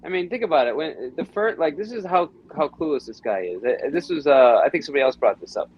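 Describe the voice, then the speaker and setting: A man hosting a late-night online panel, teasing guests in casual chat and trailing off into low mumbles. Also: lively intonation, fast, slightly rough. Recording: slightly dull sound with faint noise.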